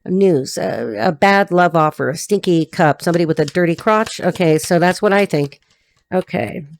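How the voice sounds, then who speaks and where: A woman's voice: fairly low pitch, normal speed, no echo. A woman giving a casual tarot reading to camera, blunt and profane, laughing often, her voice cracking a little. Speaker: tarot reader and life coach.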